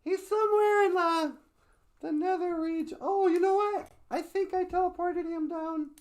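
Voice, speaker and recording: A woman's voice: extremely high pitch, fairly even intonation, normal speed. A woman co-hosting a live stream, talking in a playful, mock-flustered way.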